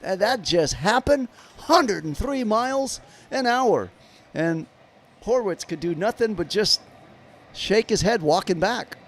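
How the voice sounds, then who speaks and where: This livestream baseball commentator has a high-pitched voice with lively intonation and speaks slowly. He gives live play-by-play of the game and drifts into rambling asides with his viewers.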